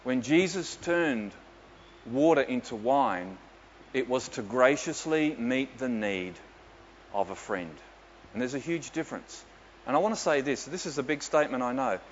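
A man's voice: medium pitch, animated, normal speed, a little hiss or hum. A man, a pastor telling stories with dry humour in a sermon. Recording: dull echoey hall with faint ambience.

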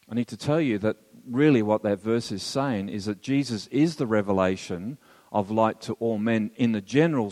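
Guy preaching theology, earnest and emphatic, mid-pitched voice, long hall echo. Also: darkish tone. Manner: earnest, emphatic, wry asides to the audience. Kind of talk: sermon lecture.

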